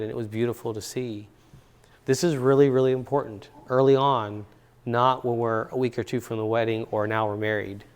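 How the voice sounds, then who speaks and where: Man teaching a relaxed relationship seminar. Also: medium pitch. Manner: conversational, repeats words for emphasis. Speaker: seminar speaker and counselor. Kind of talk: relaxed seminar talk with stories. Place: university seminar room.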